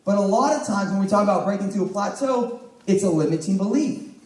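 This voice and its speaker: Energetic man coaching a live room. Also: sits high, fairly quick. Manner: energetic, emphatic, calls on audience members. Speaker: health coach speaking to a live audience. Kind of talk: motivational talk. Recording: echoey room, mic at a distance.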